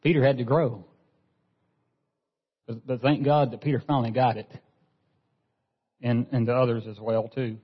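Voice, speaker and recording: Husky-voiced man preaching in a reverberant hall. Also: mid-range voice, steady tone, moderate pace, long pauses. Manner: earnest, repeats words when restarting. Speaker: pastor. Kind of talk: sermon. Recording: dull lo-fi sound with long hall reverb.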